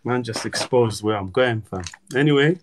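A man's voice: mid-range voice, moderate pace, noisy background. Laid-back man hosting a livestream. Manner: laid-back, slang-heavy, banters with viewers. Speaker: livestream host. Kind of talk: casual livestream chat.

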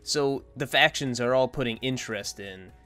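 A man's voice: mid-range voice, moderate pace, sharp tone, faint music behind. A man giving casual, rambling opinion commentary as a gaming content creator, blunt and dismissive.

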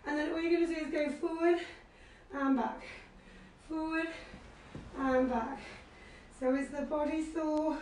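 A woman's voice: fairly even intonation, measured pace, pauses often, a little mellow, a little hiss or hum. A woman leading a live workout class, out of breath as she cues moves and counts reps in an encouraging way. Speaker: fitness instructor. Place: living room at home. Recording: very echoey room, distant, low-quality web stream.

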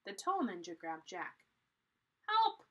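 Slow, teacherly woman storyteller. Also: fairly low pitch, rough recording. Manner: slow, deliberate and teacherly, pausing to explain. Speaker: storybook reader. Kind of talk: reading a children's chapter book aloud.

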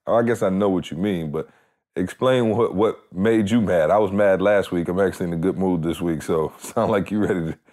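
A relaxed man with a somewhat low voice, co-hosting a casual podcast. He jokes and tells stories in an easygoing way. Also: brisk. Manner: laid-back, joking, storytelling. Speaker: podcast co-host.

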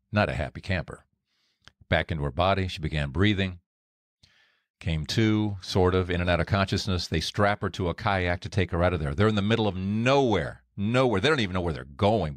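A middle-aged man tells a story on his podcast in a low voice that swings widely in pitch. He springs up high whenever he acts out what people said. The sound is dry and close, with no room around it. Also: no echo. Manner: animated, acts out quoted voices with big pitch jumps. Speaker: podcast host. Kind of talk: storytelling monologue.

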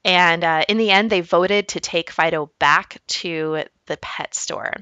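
A woman's voice: fairly low pitch, measured pace, pushed and bright, smooth, no room sound, muffled recording. A woman reading a children's book aloud as a teacher, narrating expressively. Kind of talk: storybook read-aloud narration.

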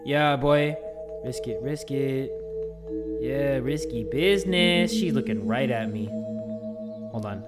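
A man hosting a horror game playthrough, excitable, going from hushed muttering to loud screams, his voice strained from screaming. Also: medium pitch, takes it slowly, long pauses. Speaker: gaming video host. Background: creepy game music.

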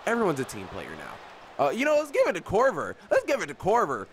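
Excitable young man narrating his game. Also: on the high side, moderate pace, a little hiss or hum. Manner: excitable, talks to players on screen, repeats himself. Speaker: gaming YouTuber. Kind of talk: live gameplay commentary.

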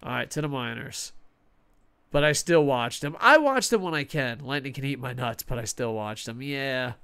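Male streamer, lively up-and-down delivery, profane, chatty play-by-play over a sports game. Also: mid-range voice, normal speed, creaky, clean tone. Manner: excitable, swears a lot, talks to himself. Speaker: gaming streamer. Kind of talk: casual gameplay commentary.

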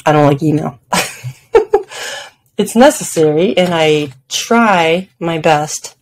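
A woman talks on her own podcast in a loose, chatty way. Her voice sits low. She pokes fun at herself and laughs easily. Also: slow pace. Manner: chatty and self-deprecating, laughs often at herself. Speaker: podcast host. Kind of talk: casual solo podcast talk.

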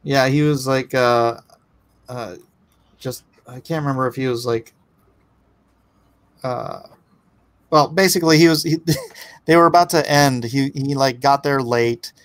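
A man of middle pitch tells a story in a rambling, halting way, stopping to restart. The recording sounds close and dry. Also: no echo. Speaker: co-host. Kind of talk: casual storytelling.

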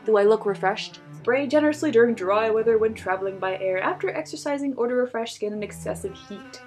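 A young woman talks through a beauty haul on camera, excited and giggly as she reads out product labels. Her voice sits somewhat high, and soft music plays faintly underneath. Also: fast. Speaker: beauty vlogger. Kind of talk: casual product unboxing.

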